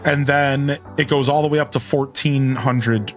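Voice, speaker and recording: A man's voice: mid-range voice, fairly even intonation, a little slow, soft background music. A man hosting a live game stream, chatting casually and thanking viewers as he goes.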